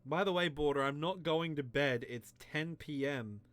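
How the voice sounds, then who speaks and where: A man's voice: fairly high pitch, normal speed, a bit bright. A tipsy man streaming a game, rambling, self-mocking and crude as he talks to his chat. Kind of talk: drunken game commentary.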